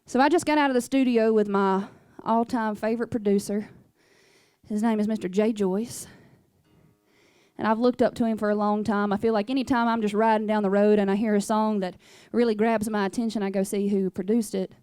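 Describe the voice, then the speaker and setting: Between songs at a radio performance studio, a young country singer from Louisiana shares sassy, folksy tales in a heavy Southern drawl. Her mid-range voice is steady, brisk, warm and smooth, with no echo and soft music in the background.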